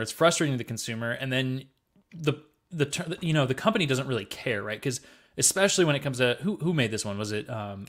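A man's voice: medium pitch, fairly bright tone. A man co-hosting a podcast, chatting casually and going on ranting, swearing tangents. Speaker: podcast co-host. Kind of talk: casual chat.

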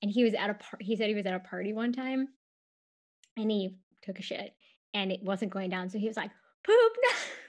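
A woman's voice: medium pitch, brisk. Laughing woman podcast co-host. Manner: animated storytelling with laughter. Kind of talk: casual chat.

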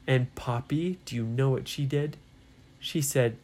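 A woman telling a children's bedtime story, slow and soft, playing up the characters' voices. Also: rumbling low.

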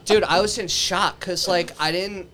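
A man's voice: high-pitched, fairly even intonation, unhurried, over a noisy crowd. A man co-hosting a podcast in a studio, telling a rambling, profane story in casual chat, dropping "dude" a lot and laughing along. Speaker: podcast co-host.

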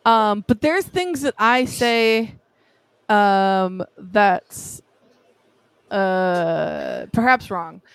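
A woman co-hosting a casual chat, telling an animated family story and laughing often. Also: medium pitch, drawn-out words, smooth, no echo.

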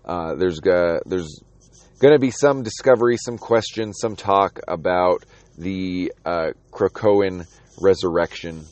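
A man's voice: low voice, unhurried, darkish tone, no echo. A man talking casually about a comic book, rambling with restarts and reading passages aloud.

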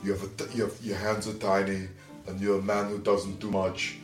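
A man doing improv comedy in a rambling, loose way that now and then jumps to shouting. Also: low-pitched, flat delivery, fairly quick, roomy sound, recorded from a distance, soft background music. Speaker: improv performer.

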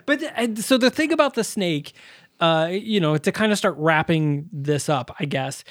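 A man's voice: a little high, expressive, moderate pace, dry recording, studio quality. A man co-hosting a podcast, chatting casually about a movie, incredulous and laughing, swearing often. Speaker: podcast co-host. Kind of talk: casual movie review chat.

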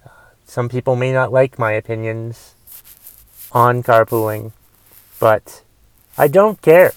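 A man's voice: medium pitch, takes it slowly, smooth, no echo. A young man hosting a solo podcast, ranting in a casual, rambling way with restarts and swearing. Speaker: podcast host.

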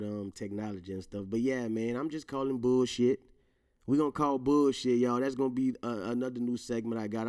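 A man's voice: mid-range voice, mellow. Profane laughing man ranting as host. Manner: profane, laughing, emphatic rants; slang-heavy, addresses listeners directly. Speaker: podcast host. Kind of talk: casual solo commentary.

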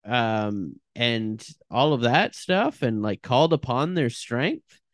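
Man, podcast co-host, relaxed, joking, casual chat, dry sound. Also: mid-range voice, slow, dry recording.

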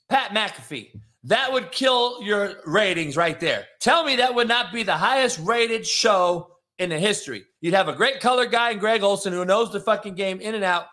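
High bright-voiced guy ranting about football, cussing nonstop, super animated. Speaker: sports podcast host. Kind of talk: casual chat.

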